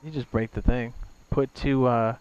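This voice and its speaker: A man playing a game with a friend, making relaxed, offhand remarks and giving tips. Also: mid-range voice, unhurried, clear, resonant tone, dull audio. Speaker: fellow player. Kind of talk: casual gaming chat.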